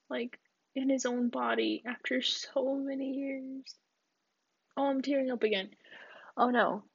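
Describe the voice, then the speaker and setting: A woman's voice: on the high side, gravelly, a little mellow, husky, dry recording. A young woman rambling in a casual solo chat, giggly and full of fillers, on a dull lo-fi recording. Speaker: podcast host.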